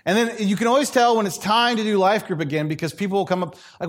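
A man's voice: high-pitched, fast talker. A man preaching a church sermon, telling stories animatedly, acting out quoted voices and laughing often. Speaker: pastor.

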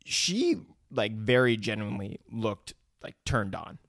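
A man's voice: fairly low pitch, big pitch swings, unhurried, vocal fry, a bit bright, no room sound, clean studio sound. A man in a casual podcast chat, reacting bluntly and swearing freely as he adds his own take. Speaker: podcast co-host.

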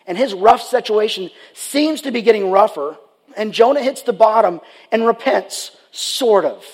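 High-voiced man preaching earnestly. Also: lively intonation, normal speed, husky. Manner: earnest, conversational preaching with restarts. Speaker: pastor. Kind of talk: sermon.

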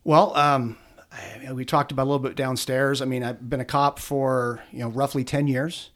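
A middle-aged man, a police officer, telling a personal story in an interview, earnest and halting with many fillers and restarts. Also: medium pitch, level tone, fairly bright tone.

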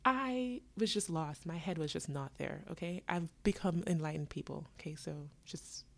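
Twenty-something woman telling her story, dramatic, laughs a lot, lowish voice. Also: creaky. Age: 20s. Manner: dramatic and animated, laughing often; voices herself and others in quick asides. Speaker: vlogger. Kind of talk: storytelling to camera.

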